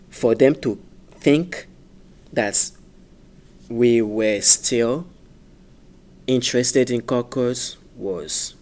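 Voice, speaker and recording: A man with a French accent hosting a gaming video, talking in a casual, rambling way with many pauses and restarts. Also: low voice, creaky. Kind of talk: casual rambling commentary to camera.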